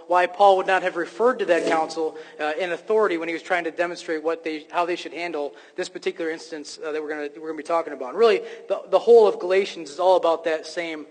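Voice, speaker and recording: An emphatic man preaching, his voice pitched high and full of restarts and fillers as he presses his point. His voice rings out with the long reverb of a large hall. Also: fast, hardly any pauses. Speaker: pastor. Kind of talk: sermon.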